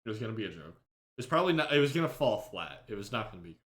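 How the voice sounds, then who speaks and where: Lively, bright-voiced joking man. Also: fairly low pitch, very fast. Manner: jokey, playful, does mock infomercial voice. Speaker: podcast co-host. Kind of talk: casual chat.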